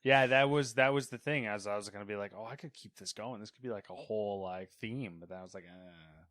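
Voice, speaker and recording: A man's voice: lowish voice, quick pace, a bit bright, dry recording. Rambling podcast host, a man. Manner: rambling, trails off into mumbles. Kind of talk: casual chat.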